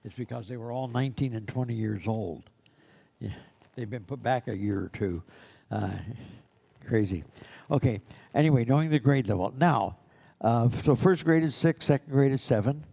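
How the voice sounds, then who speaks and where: A man's voice: mid-range voice, moderate pace, creaky, mellow, breathy edge. An older man teaching a class of Santa performers in a loose, rambling way, acting out children's voices in his stories. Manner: rambling, acts out kids' voices in anecdotes. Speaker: Santa school instructor.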